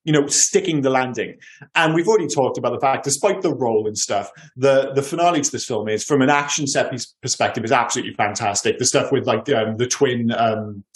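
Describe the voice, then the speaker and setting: A man's voice: medium pitch, brisk. A man co-hosting a casual film podcast, talking eagerly and acting out lines from films. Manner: enthusiastic, acts out lines from films. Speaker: podcast co-host.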